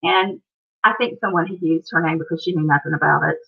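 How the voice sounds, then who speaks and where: A woman's voice: low-pitched, fairly even intonation, fast, creaky, breathy edge. Chatty Appalachian American woman, lo-fi stream. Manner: chatty, reads and answers viewer comments. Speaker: live stream host. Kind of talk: casual live stream chat.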